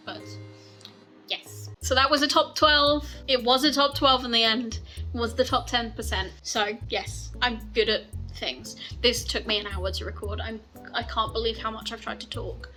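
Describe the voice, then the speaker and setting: Bright-voiced chatty woman book vlogger. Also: on the high side, normal speed, soft background music. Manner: gushing, chatty, rambling with frequent laughs. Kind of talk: casual book recommendation vlog.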